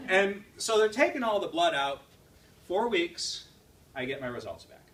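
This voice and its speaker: Animated man telling a story from afar. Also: sits high. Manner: animated storytelling with quick laughs and emphatic repeats. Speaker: guest speaker. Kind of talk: motivational talk to an audience. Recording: distant mic with faint room noise.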